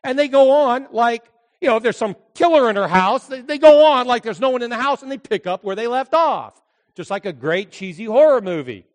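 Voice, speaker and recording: A man preaching a sermon as a pastor, telling a story with animated delivery and acted-out voices. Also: very high voice, a little fast, big-room sound.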